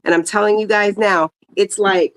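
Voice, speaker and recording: A woman's voice: medium pitch, fairly even intonation, moderate pace, no echo. A woman giving a casual tarot reading straight to her viewers, with lots of slang and fillers like "you know what I'm saying.". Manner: slangy, talks to viewers directly with many fillers. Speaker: tarot reader.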